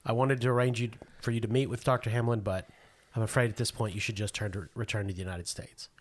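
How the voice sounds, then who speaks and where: A man voicing a grieving young woman agent who speaks softly and apologetically while quietly holding back. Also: fairly low pitch, steady tone, fast talker, natural voice. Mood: subdued. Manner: soft, apologetic, quietly evasive.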